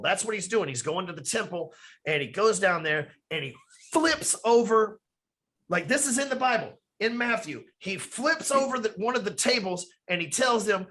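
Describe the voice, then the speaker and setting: Man, podcast guest, swears freely, rambling, emphatic, slightly high voice, bright edge. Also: animated, moderate pace. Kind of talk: casual podcast conversation. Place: his office.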